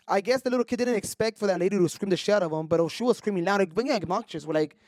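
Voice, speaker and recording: A man's voice: sits high, very fast, few pauses, dry recording, studio quality. A young man telling a story on a podcast, casual and profane, switching between Spanish and English slang. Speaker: podcast co-host.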